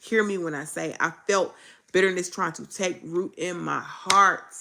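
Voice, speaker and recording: A woman's voice: fairly low pitch, unhurried, vocal fry, background noise. A woman, talking rawly and emphatically, repeating phrases like a preacher. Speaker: faith vlogger. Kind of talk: candid faith vlog.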